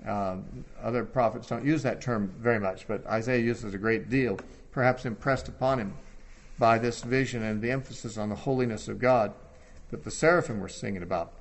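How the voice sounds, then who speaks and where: A man's voice: lowish voice, normal speed. A man giving an expository Bible teaching, conversational and thinking aloud, lifting his voice when he quotes scripture.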